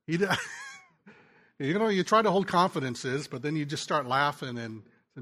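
Male pastor, sermon delivery, conversational storyteller, somewhat high-pitched, stumbles and restarts. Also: lively intonation, a little slow. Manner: conversational storytelling, drops soft and quiet in tender moments; frequent restarts and stammers. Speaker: pastor and ministry teacher.

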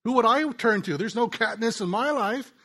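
A man's voice: very high voice, moderate pace, sharp tone, voice pushed up, heavily acted. Desperate searching man, put on by a preacher, raised pleading tone. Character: desperate everyday person, anxious and searching.

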